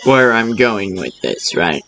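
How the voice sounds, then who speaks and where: A man's voice: fairly low pitch, very animated, slow pace, pushed and bright. A man chatting casually in his vlog, wry and joking about being stressed out. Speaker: vlogger.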